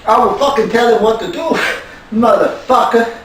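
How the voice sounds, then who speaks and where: A man's voice: very high-pitched, moderate pace, fairly bright tone. A man playing a foul-mouthed, boastful male chef in a comedy sketch, recorded from far off in an echoey room. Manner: profane, swaggering brag.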